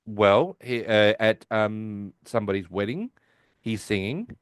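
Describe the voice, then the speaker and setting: A man's voice: lowish voice, lively intonation, measured pace, smooth, no room sound. Rambling man recapping a sitcom episode. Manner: rambling, acts out characters' lines while retelling. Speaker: podcast co-host. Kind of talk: casual episode recap chat.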